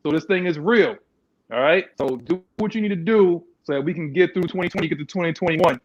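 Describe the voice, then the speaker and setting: A fairly high-voiced man co-hosting a casual sports talk stream, speaking. He is animated and laughs a lot as he talks. The audio sounds dull and lo-fi. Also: brisk. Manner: animated, laughs often, drawls. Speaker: co-host.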